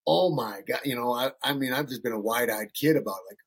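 A middle-aged man from Northern Michigan, appearing on a podcast, tells loose, profane casual stories and plays out the voices of people he quotes. His voice is mid-range with a breathy edge, and he talks fairly quickly.

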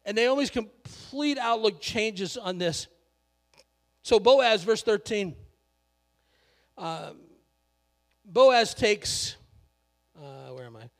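A man's voice: high voice, animated, slow pace, pauses often, long reverb tail. A male pastor preaching a sermon in a conversational, joking way, laughing often.

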